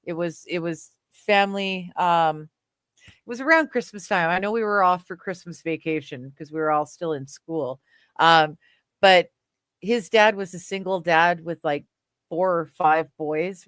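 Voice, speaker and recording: Woman from Canada, livestream chat, smooth voice, dry close sound, laughs often. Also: fairly low pitch, a little slow, fairly bright tone, dry recording. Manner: chatty, laughs often, trails off with fillers. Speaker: livestream host. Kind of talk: casual chat reading viewer comments.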